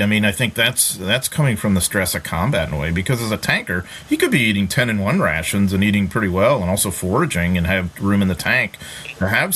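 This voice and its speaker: A man's voice: lowish voice, fairly bright tone, a little hiss or hum. A man hosting a casual podcast discussion, thoughtful and given to restarting his sentences. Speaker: podcast host.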